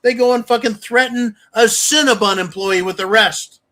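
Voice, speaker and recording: High, bright ranting man. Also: moderate pace. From United States. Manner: profane, ranting, heated. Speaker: channel host. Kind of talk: angry political rant.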